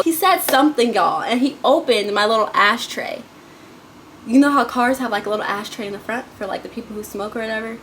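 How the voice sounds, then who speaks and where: A woman telling a personal story in a casual storytime vlog, chatty and dramatic, calling the viewers y'all and swinging between loud and hushed. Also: a little high, animated, a little fast, a little hiss or hum. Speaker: vlogger.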